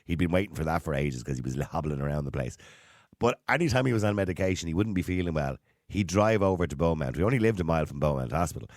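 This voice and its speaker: A man's voice: sits low, lively intonation, fast talker, a little mellow, no echo, clean studio sound. A middle-aged man with a Dublin Irish accent, a radio host telling a story in casual chat, jokey and laughing often.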